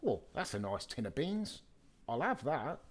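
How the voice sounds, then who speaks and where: A man putting on a hushed sneaky lady burglar. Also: medium pitch, lively intonation, fairly quick, natural voice. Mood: greedy. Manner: hushed and greedy. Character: sneaky female burglar rummaging by torchlight.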